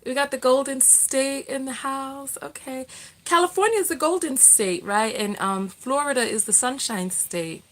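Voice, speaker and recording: A middle-aged woman chats through a casual livestream, greeting viewers and answering their comments. Her voice sits a little high, and she talks in loose, friendly bursts with plenty of fillers and restarts. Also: moderate pace. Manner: chatty and warm, frequent fillers and restarts. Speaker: livestream host, self-love coach.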